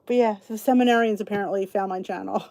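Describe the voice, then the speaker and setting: A woman's voice: medium pitch, steady tone, fast, mellow, no echo. A middle-aged woman from New Jersey hosting a casual livestream, chatting with viewers by name and laughing often. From New Jersey, USA. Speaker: channel host.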